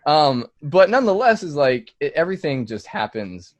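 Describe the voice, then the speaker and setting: A man's voice: on the high side, very animated, normal speed, no echo. A man being interviewed as a music producer, telling stories loosely in casual podcast chat, with plenty of "like" and "dude" and free swearing. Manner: loose storytelling, swears freely, fillers like "like" and "dude".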